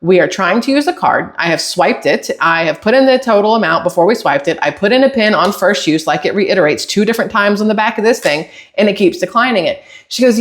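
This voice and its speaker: A woman's voice: medium pitch, a little fast, few pauses. Exasperated woman telling a story. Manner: animated, exasperated retelling with acted-out quotes. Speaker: channel host. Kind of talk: casual storytime monologue.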